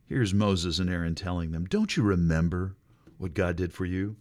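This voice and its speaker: At normal speed, a middle-aged pastor delivers a sermon with expressive wryness and sudden pitch jumps for emphasis.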